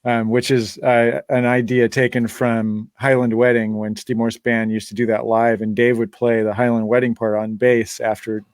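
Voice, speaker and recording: A man's voice: mid-range voice, little pitch movement, moderate pace, few pauses, dry recording, studio quality. A man, a band leader and guitarist, chatting casually on a live stream, rambling with many fillers and frequent laughs.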